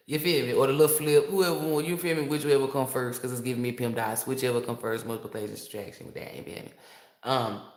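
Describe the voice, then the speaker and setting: A tarot reader on a casual livestream, a man telling stories to his viewers in an animated, profane way. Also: medium pitch, reverberant. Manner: animated, profane storytelling, addresses viewers as y'all.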